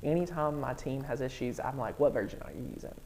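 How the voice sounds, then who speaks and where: A woman hosting a live crafting software tutorial, bubbly and excitable, talking viewers through each step. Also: rumbling low, quick pace, a little hiss or hum.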